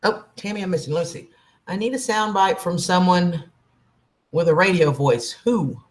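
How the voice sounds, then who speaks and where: A woman's voice: on the low side, normal speed. A woman, chatting casually and affectionately with her livestream viewers and calling them honey. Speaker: livestream host.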